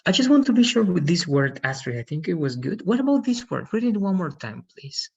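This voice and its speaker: Teacher on a video call, husky and muffled, coaching students' pronunciation patiently. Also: medium pitch, very animated, a little fast. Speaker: English teacher. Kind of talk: online language lesson.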